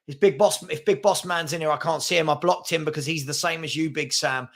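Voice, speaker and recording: A man hosts a live football stream in a casual, chatty way. His voice sits a bit higher than most men's. He trips over words with fillers and stammered restarts, and he snaps back sharply at rude commenters. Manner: chatty and animated, quick to call out rude commenters. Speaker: host of a daily football chat stream.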